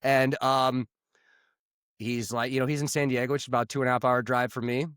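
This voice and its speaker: A man from the United States co-hosts a podcast in a relaxed, joking way, swearing freely as he tells stories. His voice sits mid-range for a man. The recording is dry and close, with no room sound. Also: medium pitch, fairly quick, smooth, no echo. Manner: joking, profane storyteller. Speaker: podcast co-host. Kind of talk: casual chat.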